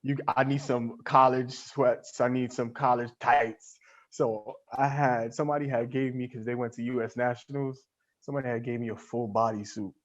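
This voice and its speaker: A man of middle pitch chats with an old friend, spinning an animated story and tossing in "yo" often. The podcast audio sounds dull and lo-fi. The talk is loose and casual. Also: moderate pace. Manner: animated storyteller, peppers speech with "yo". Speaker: podcast co-host. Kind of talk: casual chat between friends.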